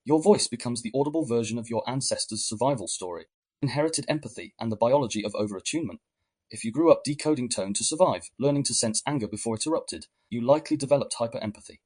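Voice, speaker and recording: A man giving calm, measured scripted narration in a reflective tone. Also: mid-range voice. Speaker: podcast narrator.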